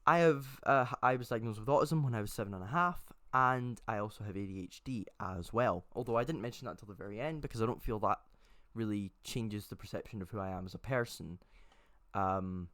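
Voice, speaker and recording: Chatty teen, halting delivery. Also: male voice, fairly low pitch, fairly bright tone. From Scotland. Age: late teens. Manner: chatty, hesitant, many fillers and restarts. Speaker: channel host. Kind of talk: casual to-camera introduction.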